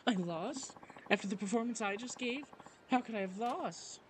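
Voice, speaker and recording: A man's voice: high voice, moderate pace, slight background noise, close to an everyday voice, low-quality recording. A man reading a game aloud, voicing a vain young female idol rival with a haughty, taunting manner. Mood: petulant. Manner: haughty, taunting, self-important. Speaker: let's play narrator.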